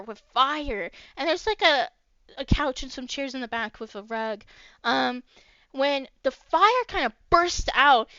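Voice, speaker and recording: A woman narrating as game master of a livestreamed tabletop game, unhurried and full of fillers. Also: on the high side, pushed and bright, clear, resonant tone, dry recording. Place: home streaming setup. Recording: dull lo-fi stream mic.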